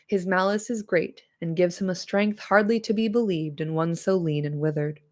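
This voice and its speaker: A stern ranger speaks in a calm, even way , as a woman reads him. The voice stays lowish and a little nasal. There is little attempt to disguise the reader's own tone. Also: normal speed, close to an everyday voice. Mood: steady. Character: weathered ranger man, steady and stern.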